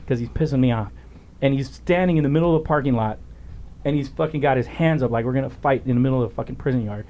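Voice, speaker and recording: A middle-aged man hosting a podcast interview, telling stories in a blunt, profane, animated way. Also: mid-range voice, rapid-fire, a little hiss or hum. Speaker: podcast host, former police officer. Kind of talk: casual storytelling interview.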